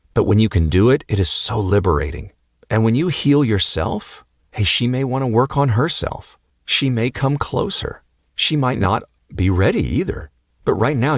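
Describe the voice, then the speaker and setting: A man coaching husbands on marriage, speaking calmly and earnestly and repeating key phrases for emphasis. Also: low-pitched, no room sound, clean studio sound. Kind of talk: motivational advice talk to husbands.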